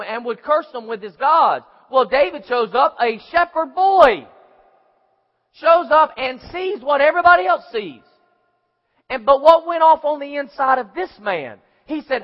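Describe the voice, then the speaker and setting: A man preaching a sermon, telling Bible stories with animated voices for the characters. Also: extremely high pitch. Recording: muffled recording in a reverberant hall.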